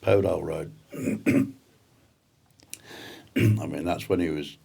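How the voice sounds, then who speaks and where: An older man, a podcast guest, telling rambling anecdotes in casual chat, often clearing his throat and chuckling. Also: sits low, slow pace, mellow.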